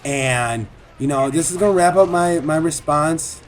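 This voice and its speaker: A man's voice: a little high, a little slow, a little hiss or hum. A man giving a casual, earnest video commentary as a gaming commentator, rambling and repeating himself.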